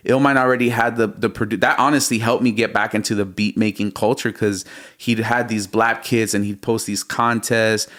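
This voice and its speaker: A man in his thirties, a music producer and podcast guest, telling his story in a lively, slangy way and calling the host bro. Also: lowish voice, normal speed. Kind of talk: casual storytelling interview.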